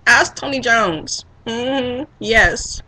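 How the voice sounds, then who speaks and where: Vlogger woman, sassy rant, slow-paced, bright tone. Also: a little high, poor audio. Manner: sassy, animated, laughs often. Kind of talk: casual rant to camera.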